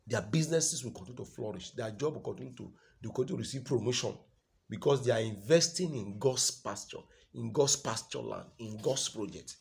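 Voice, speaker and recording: A man with a Nigerian accent preaching a sermon, loud and emphatic, often asking the congregation call-and-response questions. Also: on the low side, vocal fry.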